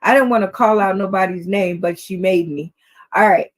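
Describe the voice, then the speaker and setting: A woman hosting a comedy game show, calling time and questioning players in an unhurried, encouraging way. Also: mid-range voice.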